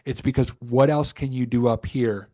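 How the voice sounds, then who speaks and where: Podcast guy coaching listeners, earnest and punchy, mid-pitch everyday voice. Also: steady tone, moderate pace, mellow. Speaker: podcast co-host. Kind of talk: casual motivational chat.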